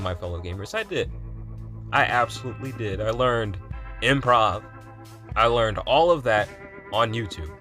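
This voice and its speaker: Bright-voiced young man rambling a story. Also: mid-range voice. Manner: rambling, animated, with fillers and laughs. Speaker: gaming YouTuber. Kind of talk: casual storytelling vlog.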